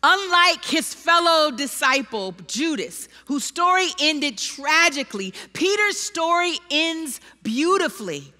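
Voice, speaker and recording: Woman preacher, sermon, high bright animated voice, long hall reverb. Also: takes it slowly, hardly any pauses. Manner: animated, self-deprecating, with laughs and dramatic readings. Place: large church auditorium.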